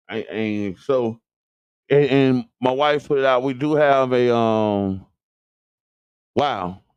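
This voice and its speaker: A man's voice: medium pitch, darkish tone, clean tone, dry recording. A man from the Tampa Bay area, hosting a community radio show in loose, joking chat aimed straight at listeners. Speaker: radio host. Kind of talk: casual talk radio chat.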